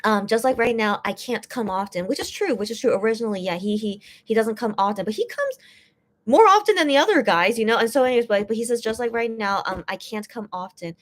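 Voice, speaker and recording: A woman's voice: fairly high pitch, expressive, quick pace. A woman hosting a casual stream, translating and explaining posts, talking in a rambling way full of fillers and restarts. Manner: gets teary and emotional while reading. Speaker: fan channel host translating posts. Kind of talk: casual live-stream chat.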